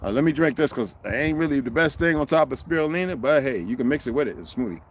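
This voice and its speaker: Cursing, animated man on a livestream. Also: mid-range voice, fast talker, slight background noise. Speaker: livestream host. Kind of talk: profane livestream rant and chat greetings.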